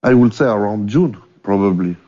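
Low, mellow man with a Swiss French accent. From French-speaking Switzerland. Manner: halting, repeats words as he searches for them. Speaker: returning guest. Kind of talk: casual chat. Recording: muffled lo-fi audio.

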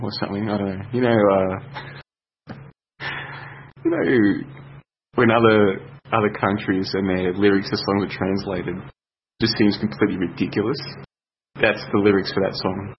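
A man's voice: low-pitched, steady tone, normal speed, long pauses. A young Australian man hosting a casual solo show, rambling and chatty, thinking aloud with plenty of fillers. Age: young adult. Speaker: podcast host. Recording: dull lo-fi sound with faint noise.

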